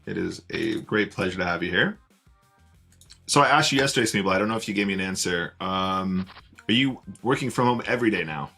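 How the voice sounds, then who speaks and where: Chatty man streaming poker, low voice. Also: expressive, brisk, creaky, pushed and bright, soft background music. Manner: chatty, greets viewers while playing. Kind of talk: casual live-stream commentary.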